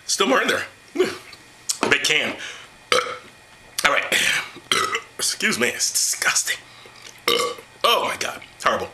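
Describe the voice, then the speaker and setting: A man's voice: fairly high pitch, very animated, a little slow, long pauses, pushed and bright, a little hiss or hum. A man reading Bible passages aloud and mocking them with profane, sarcastic rants. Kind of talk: sarcastic comedic Bible commentary.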